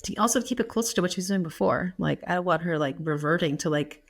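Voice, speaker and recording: A woman's voice: lowish voice, fast. An American woman in her thirties co-hosting a podcast, chatting casually with many fillers and frequent laughs. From United States. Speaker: podcast co-host. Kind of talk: casual chat.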